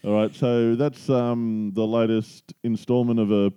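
A man's voice: medium pitch, little pitch movement, measured pace, dark tone, clear, resonant tone, dry recording, clean studio sound. A man co-hosting a podcast, chatting casually and joking, laughing at his own stories. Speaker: podcast co-host. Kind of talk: casual chat.

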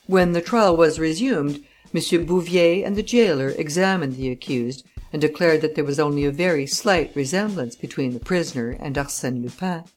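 A woman narrating an audiobook chapter in a measured, even storytelling manner. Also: low-pitched. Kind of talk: scripted narration.

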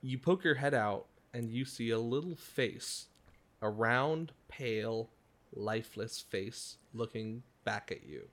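A man narrating a tabletop game as game master, in a lively storytelling manner. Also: medium pitch, slow.

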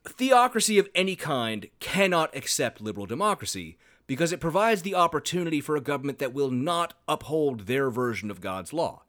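A man's voice: on the high side, big pitch swings, a little fast, few pauses, a bit bright. A man hosting a casual discussion podcast, chatty and wry with frequent fillers. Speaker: podcast host.

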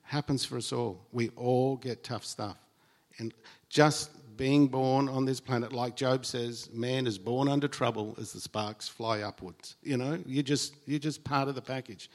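A man preaching a sermon in a conversational, earnest way, swinging between soft, low remarks and emphatic lines. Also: a little slow.

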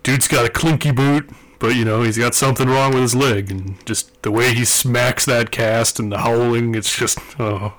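A man's voice: medium pitch, fairly even intonation, moderate pace, a bit bright. A man co-hosting a podcast, talking through his thoughts earnestly in casual chat. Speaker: podcast co-host.

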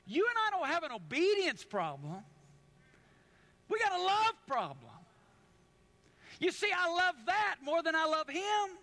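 A male pastor preaches with a very high, bright voice and a lively, swinging pitch. He leans hard on key words, circles back over his own phrases, and keeps turning to the congregation with direct questions. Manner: emphatic, repetitive, restarts phrases. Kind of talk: sermon.

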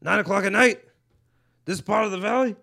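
A man impersonating a loud brash gruff comedian. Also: sits high, a little fast, voice pushed up, full character voice. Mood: boisterous. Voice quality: loud, swaggering, profane. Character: brash gruff male comedian spinning a crude tall tale.

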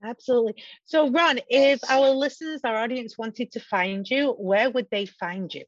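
A woman's voice: on the high side, normal speed, no echo. A woman hosting a podcast in an upbeat, chatty way, wrapping up with a guest. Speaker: podcast host. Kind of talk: casual podcast chat. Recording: dry, dull lo-fi sound.

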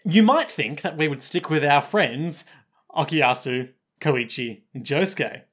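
A man co-hosting a podcast, recapping episodes in casual chat, laughing often and acting out lines in quick bits. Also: fairly high pitch, animated, a bit bright, slightly rough. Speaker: podcast co-host.

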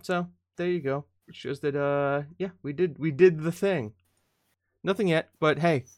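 A man co-hosting a live stream, chatting casually in a jokey, animated way. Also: a little high, dry recording, clean studio sound. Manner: jokey, animated, quick to laugh. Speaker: stream co-host. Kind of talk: casual chat.

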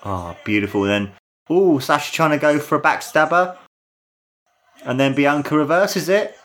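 With a fairly high pitch and a moderate pace, a young man reviews a wrestling match as he watches along. His commentary is excited and gushing, packed with fillers.

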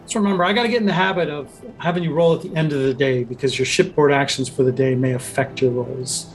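A man's voice: mid-range voice, fairly even intonation, fast, faint music behind. A man running a tabletop game as game master, narrating in a rambling way with many fillers.

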